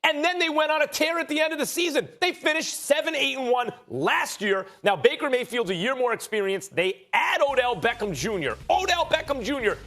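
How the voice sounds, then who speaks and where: Dude arguing back on a tv sports show, high voice, super animated, lots of ups and downs. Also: male voice. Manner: animated, argumentative, rapid-fire rebuttals. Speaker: sports debate host. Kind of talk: heated sports debate. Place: TV studio.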